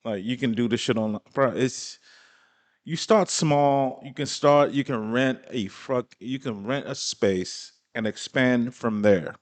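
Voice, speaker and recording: A man with a mid-pitched voice giving a blunt, exasperated reaction to a clip. His talk is slangy and full of curses. The sound is close and dry, with no room around it. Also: a little slow, no echo. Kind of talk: casual reaction commentary.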